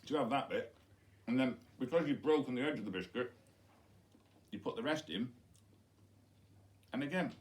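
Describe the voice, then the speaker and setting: A man's voice: medium pitch, moderate pace, long pauses. A middle-aged man, a head teacher, chatting playfully to pupils while demonstrating with props in a school video message.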